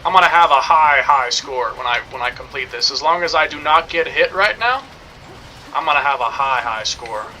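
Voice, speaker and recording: A man's voice: medium pitch, expressive, moderate pace, bright, forceful tone, soft background music, rough recording. A young man streaming a game, rambling and joking in casual commentary, swearing now and then.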